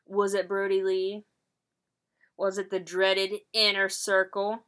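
Bright-voiced woman chatting and laughing. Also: mid-range voice. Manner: laughing often, blunt and profane. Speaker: podcast co-host. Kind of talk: casual chat recapping wrestling.

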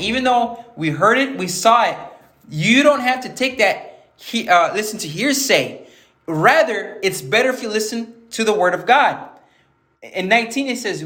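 A man's voice: sits high, fairly bright tone, reverberant. A man giving informal Bible teaching, reading verses aloud and explaining them conversationally, often repeating words as he goes. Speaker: preacher.

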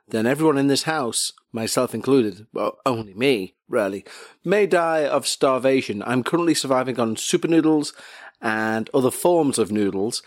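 A man's voice: mid-range voice, dry recording, clean studio sound. A man hosting a podcast at home on his couch, reading a story aloud with jokey, rambling asides. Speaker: podcast host. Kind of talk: casual chat and story reading.

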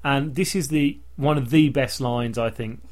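A man's voice: medium pitch, a little slow, heavy background noise. A man hosting a casual podcast, recapping a sitcom in a rambling way. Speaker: podcast host. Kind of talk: casual chat.

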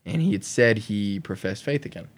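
A young man telling his personal testimony in casual conversation, animated, laughing often and acting out what people said. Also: fairly low pitch, moderate pace. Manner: animated, acts out quoted voices, laughs often.

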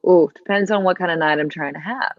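A woman's voice: on the low side, quick pace, muffled recording, a little hiss or hum. A woman from Georgia chatting as an interview guest, laughing often and filling her talk with "like" and "you know". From Georgia, USA. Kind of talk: casual interview chat.

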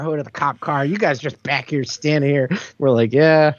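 A man's voice: fairly high pitch, normal speed, no room sound. A man in his thirties, co-host of a casual talk show, telling a long story in a rambling way with lots of filler words. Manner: rambling, many "like" fillers, laughs through the story. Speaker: podcast co-host. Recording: dull, dry lo-fi sound.

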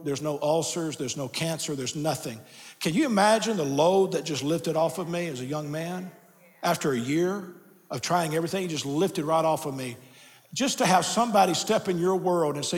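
A middle-aged male pastor, preaching a sermon that moves from quiet storytelling to shouted preaching. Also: a little high, expressive, normal speed. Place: church sanctuary. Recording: reverberant church sanctuary.

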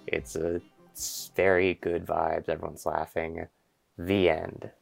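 A man's voice: sits low, flat delivery, slow pace, vocal fry, faint music behind. A man co-hosting a podcast, rambling through a comedic made-up movie recap. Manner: rambling, voices characters in quotes. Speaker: podcast co-host.

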